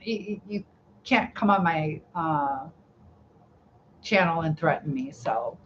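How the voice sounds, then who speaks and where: A woman's voice: low voice, slow pace, dull audio, noisy background. Chatty middle-aged woman hosting a live chat. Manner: chatty, laughs often, reads viewer comments aloud. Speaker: live stream host. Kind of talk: casual live chat reading comments.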